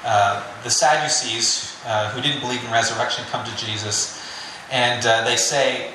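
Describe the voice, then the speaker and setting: A man's voice: mid-range voice, steady tone, normal speed, background noise. A man preaching a sermon in a conversational, joking way. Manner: conversational and joking, with filler "you know". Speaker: pastor. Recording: very echoey room.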